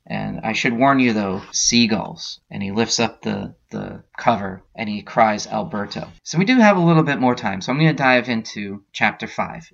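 A man's voice: fairly low pitch, creaky, fairly bright tone. A man hosting a podcast, casually retelling a comic book story scene by scene with plenty of filler words. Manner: retells scenes with quoted lines, many uh fillers. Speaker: podcast host. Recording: dull lo-fi sound.

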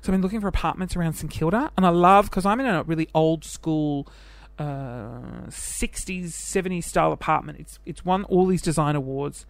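A man's voice: fairly high pitch, normal speed, gravelly, no room sound. Chatty Australian man, dry close sound. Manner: chatty, self-deprecating, jumps between topics. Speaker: podcast host. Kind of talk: casual solo podcast monologue.

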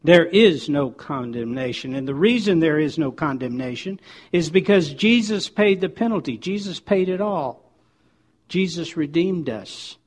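A man's voice: on the high side, animated, a little slow, darkish tone. A man preaching a sermon, emphatic and repeating key words for stress.

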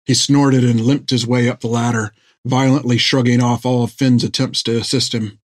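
A man reads an adventure story aloud in steady, scripted narration. His delivery is even and measured, at a middling pitch. The recording is dry and close. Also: dry recording. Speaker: audiobook narrator.

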